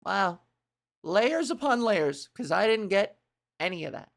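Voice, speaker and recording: A woman's voice: mid-range voice, expressive, measured pace. A woman in a casual reaction commentary, chatty and self-mocking, swearing now and then while she reads aloud and reacts. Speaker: video creator.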